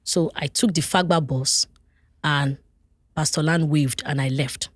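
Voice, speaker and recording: A Nigerian woman tells a story from her life on a podcast, animated and quick to act out the people in it. Her voice sits a little low for a woman. It is a dry studio sound with almost no room in it. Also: no room sound. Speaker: podcast guest. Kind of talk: casual storytelling.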